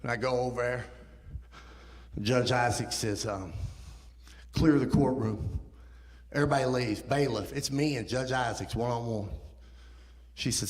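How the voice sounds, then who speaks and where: A man's voice: mid-range voice, a little slow, long pauses. A man in his thirties giving a guest testimony at church, telling his life story with impassioned, rising emotion. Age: 30s. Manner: impassioned storytelling, rising to near-shouting at peaks. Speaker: guest speaker. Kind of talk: testimony talk. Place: church sanctuary. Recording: roomy church hall reverb.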